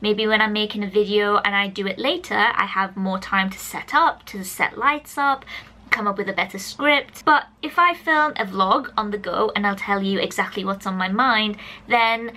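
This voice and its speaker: Woman vlogger, bright voice, animated and chatty, filming a casual talk at home. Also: mid-range voice, moderate pace, poor audio. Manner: animated, chatty, addresses viewers directly. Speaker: YouTube vlogger.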